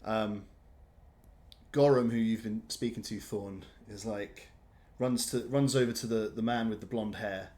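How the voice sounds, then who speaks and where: A man's voice: on the low side, steady tone, unhurried, mellow. A man narrating as game master of a tabletop game, talking hesitantly with many ums and restarts.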